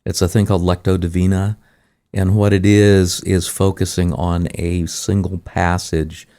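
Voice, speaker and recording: A man's voice: low-pitched, flat delivery, measured pace, dark tone, clear, resonant tone. A man who leads worship at a church, explaining his ideas in a thoughtful way during a casual faith chat.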